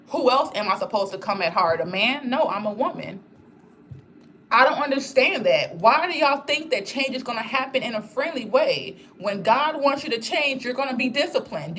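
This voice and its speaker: A young woman, chatting candidly and animatedly with her viewers. Her pitch swings widely as she tells her stories. Faint noise sits behind her voice. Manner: candid, lively storytelling with frequent "like" and "y'all". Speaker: spiritual content creator. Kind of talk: casual livestream chat.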